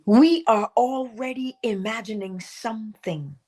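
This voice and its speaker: A woman's voice: on the high side, measured pace, darkish tone. A woman hosting a morning motivational talk, asking her listeners rhetorical questions and acting out what people say. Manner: asks rhetorical questions and acts out quoted voices; drops to a whisper at times. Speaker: host of a morning inspiration stream.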